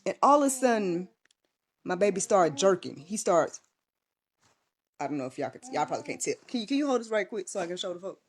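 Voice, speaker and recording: A woman's voice: fairly low pitch, sing-song, a little fast, husky. A young woman telling a personal story in a casual livestream, chatty and full of fillers and restarts. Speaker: vlogger and podcast host.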